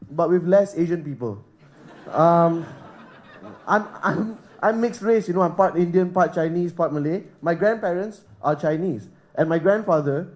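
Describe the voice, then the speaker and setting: Self-mocking Singaporean stand-up man. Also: high voice. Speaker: stand-up comedian. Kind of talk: stand-up set. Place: comedy club stage with a live audience.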